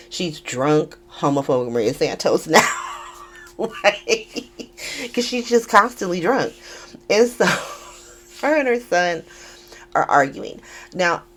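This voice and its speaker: A woman hosting a podcast who recaps a soap opera in a casual, animated and sarcastic way, laughing often. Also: deep voice. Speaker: podcast host.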